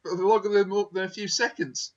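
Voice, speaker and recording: A man hosting a casual review podcast, wry and measured, fond of puns. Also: high-pitched, steady tone. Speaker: podcast host. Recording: dull lo-fi mic.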